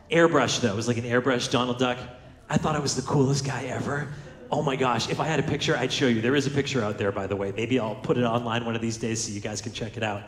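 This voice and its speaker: A motivational speaker with a mid-range voice tells a large room of listeners a funny childhood story at his own expense, acting out each character's voice. The sound is roomy.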